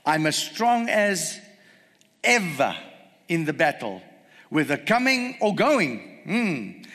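A man preaching a sermon, emphatic, asking the congregation rhetorical questions and slowing words down for stress. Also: fairly high pitch, big pitch swings, a bit bright, in a large hall.

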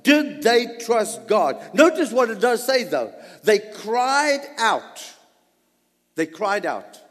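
Preacher guy, slow deliberate sermon, big loud-then-quiet swings, echoey hall. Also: high voice, big pitch swings. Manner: dramatic, swings between loud emphasis and soft asides. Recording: long hall reverb.

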